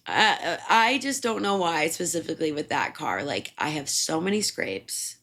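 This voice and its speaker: Rambling, gravelly young woman with lively pitch. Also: slow pace. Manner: rambling, profane, self-mocking, with frequent fillers. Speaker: podcast host. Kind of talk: casual storytelling monologue.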